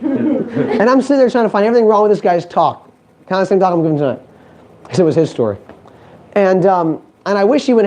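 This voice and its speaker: A man's voice: high voice, lively intonation, fast talker, pauses often, a little mellow. A man giving a motivational stage talk. He tells stories in a chatty way, acts out other people's lines, laughs often and keeps asking "you know what I mean?". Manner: storytelling, acting out quoted voices, laughing often. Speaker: speaker at a business event.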